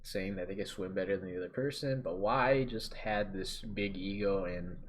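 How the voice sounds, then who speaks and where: A young man tells a story in easygoing slang, his voice sitting a little low. He gets loud and animated at the exciting parts. Faint ambience hums behind him. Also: normal speed, slight background noise. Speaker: storyteller vlogger. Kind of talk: casual storytelling.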